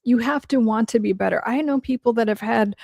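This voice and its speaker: A woman's voice: fairly high pitch, a little fast, vocal fry, a little mellow, no room sound. A woman hosting a casual livestream Q&A and answering viewer questions in a chatty, blunt way, with lots of "like" and an odd curse for emphasis.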